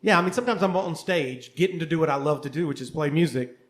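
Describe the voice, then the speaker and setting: A middle-aged man with a fairly high voice talking candidly in a casual panel chat. He fills his speech with everyday asides. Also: fast talker. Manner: candid, conversational, uses many fillers. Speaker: co-host, history teacher and bassist. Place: coffeehouse before a live audience.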